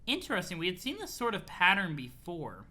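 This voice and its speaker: A young man reading a webcomic aloud on a live stream, excitable and swearing, switching between hype reactions and dramatic read-alouds. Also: high voice, a little fast.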